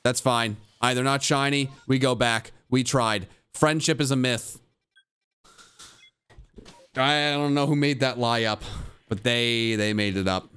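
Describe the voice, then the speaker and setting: Smooth-voiced man streaming a game. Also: a little slow, pauses often. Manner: muttering to himself, jokey, bursts of high-pitched yelling. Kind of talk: live gameplay commentary.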